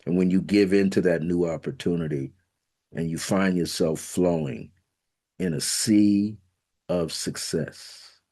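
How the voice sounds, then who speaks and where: Deep mellow guy doing a spiritual pep talk, slows way down on the big words, chuckles here and there. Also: gravelly. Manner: emphatic, slows down to stress key words and affirmations. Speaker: spiritual teacher. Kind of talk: motivational spiritual teaching talk.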